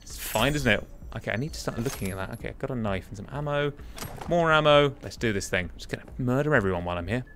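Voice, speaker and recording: A man's voice: medium pitch, lively intonation, fast, a bit bright, a little hiss or hum. A young man giving chatty, exasperated commentary while playing a game. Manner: chatty, exasperated, muttering to himself. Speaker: gaming commentator. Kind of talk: casual let's-play commentary.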